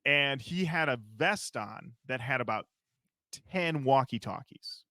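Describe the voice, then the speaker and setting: A man's voice: medium pitch, measured pace, dry recording. A man co-hosting a podcast, telling a backstage story in casual chat and acting out what people said. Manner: animated, acts out quotes. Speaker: podcast co-host.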